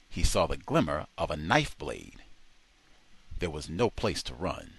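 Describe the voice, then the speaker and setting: A man reading a nonfiction book aloud in a dramatic, expressive way. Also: rumbling low, measured pace, creaky, husky, no room sound. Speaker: audiobook reader.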